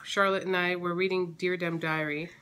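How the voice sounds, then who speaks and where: A woman in her thirties, a mother chatting casually at home for her family vlog, teasing and quick to laugh. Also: on the low side, flat delivery, fairly bright tone.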